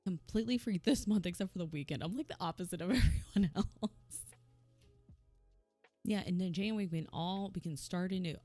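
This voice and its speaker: Soft-spoken woman streamer, chatty. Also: fairly low pitch, fairly quick, pauses often, no room sound, soft background music. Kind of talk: casual stream chat. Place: home streaming setup. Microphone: desk microphone.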